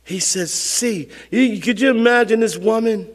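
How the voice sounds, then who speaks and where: A man's voice: sits high, normal speed, long reverb tail. A male pastor preaching a sermon with emphatic, repetitive phrasing and call-and-response to the congregation.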